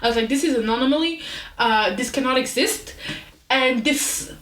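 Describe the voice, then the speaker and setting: A woman's voice: sits high, moderate pace, echoey room. Chatty young woman telling a story. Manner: chatty, animated, self-deprecating. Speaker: podcast host. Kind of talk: casual storytelling.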